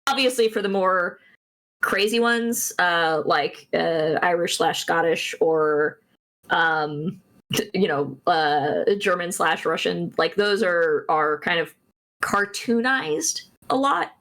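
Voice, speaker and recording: A woman's voice: fairly low pitch, slow, fairly bright tone. A woman, streaming and chatting casually, rambling with many restarts and giggles.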